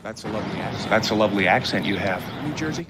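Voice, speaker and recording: A man's voice: fairly low pitch, expressive, rapid-fire, very noisy, natural voice. A man putting on a jokey, exaggerated mock-Australian voice, with theatrical cheer, from off mic. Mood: mock-cheery.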